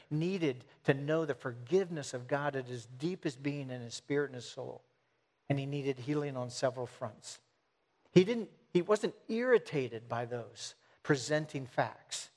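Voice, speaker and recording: A man preaching a sermon in an earnest way, stressing points by repeating them and sometimes restarting phrases. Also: a little high. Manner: earnest, repetitive emphasis with halting restarts.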